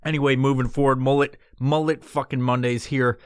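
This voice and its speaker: A man's voice: medium pitch, level tone, a little fast, smooth, no echo. A man from New York hosting a solo podcast, rambling and swearing in an exaggerated tough-guy tone he admits to putting on in his studio. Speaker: podcast host.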